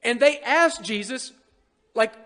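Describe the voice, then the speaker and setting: A man with a high voice preaches a sermon to his church, animated and full of jokes aimed at the congregation. His voice rings out with a long reverb, as if it were filling a church sanctuary. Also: slow pace. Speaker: pastor.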